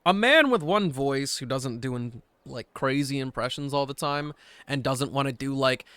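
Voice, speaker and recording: A man's voice: medium pitch, animated, moderate pace, a bit bright, clear, resonant tone, dry recording. A man streaming a game and chatting casually, a rambling, self-deprecating overthinker. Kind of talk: casual gaming stream chat.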